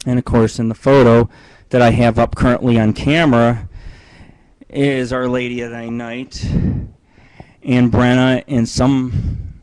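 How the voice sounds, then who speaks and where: A man's voice: medium pitch, little pitch movement, a little slow, darkish tone, smooth, dry recording, poor audio. A man hosting a live internet radio show from home, rambling and profane, with many fillers and restarts, talking into a computer mic on a webcam stream. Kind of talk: crude casual live-stream talk.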